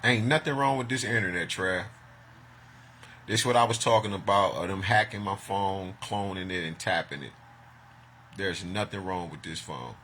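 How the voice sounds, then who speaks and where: A man's voice: deep voice, normal speed, bright, forceful tone, a little hiss or hum. A man ranting to the camera in a vlog, agitated and profane, making accusations. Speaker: vlogger.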